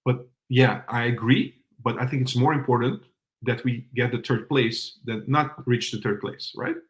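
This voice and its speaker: A man hosting a relaxed football podcast in a voice of middle pitch. He reads viewers' comments aloud and questions his panel. He pauses often and fills the gaps with "um" and "uh". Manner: hesitant, with many fillers. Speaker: podcast host. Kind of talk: casual football podcast chat.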